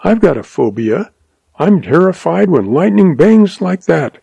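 A man voicing a spirited young woman who runs a dude ranch, in a raised, animated voice. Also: high voice, measured pace, gravelly, breathy edge, dry recording, muffled recording, voice pushed up, heavily acted. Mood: earnest, teasing.

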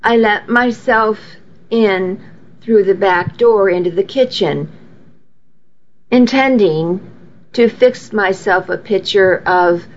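A woman reading a first-person novel aloud in a steady, intimate way. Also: medium pitch. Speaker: audiobook narrator. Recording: slightly muffled lo-fi audio.

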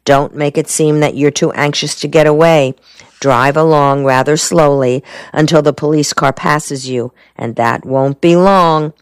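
A man reading the part of a calm, shrewd male lawyer who speaks low and measured. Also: smooth, no room sound, clean studio sound, natural voice.

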